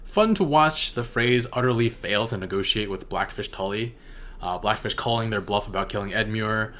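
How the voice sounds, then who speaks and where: A man's voice: on the low side, moderate pace, pushed and bright, slight background noise. A man giving a casual spoken review of a TV episode, rambling and hesitant with many fillers and self-corrections. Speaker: TV reaction reviewer.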